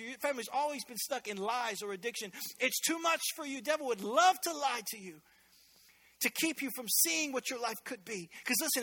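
With a very high-pitched voice, a church pastor gives an energetic sermon in a conversational style, punctuated by humorous asides.

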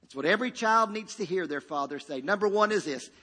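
Male pastor, high voice, bright and forceful, emphatic sermon, call-and-response, long hall reverb. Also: animated, quick pace.

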